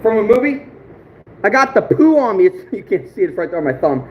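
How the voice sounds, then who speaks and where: High-voiced man on a tinny echoey stream. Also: sing-song, quick pace. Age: 30s. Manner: rambling, chuckling often. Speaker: outdoors livestream host. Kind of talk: casual livestream chat. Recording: phone-like echoey room with faint noise.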